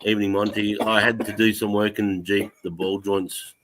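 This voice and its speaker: Bright-voiced Aussie stream host. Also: male voice, fairly low pitch, flat delivery, normal speed, slight background noise. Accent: Australian. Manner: swearing, laughing storyteller, greets viewers. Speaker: livestream host. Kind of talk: casual chat.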